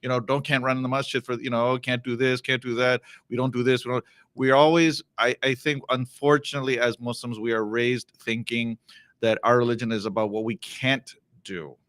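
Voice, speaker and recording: A man from the Toronto area, a local preacher talking as a guest, animated and repeating words for emphasis. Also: mid-range voice, a little fast, no echo. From Canada (Toronto area). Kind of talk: casual interview.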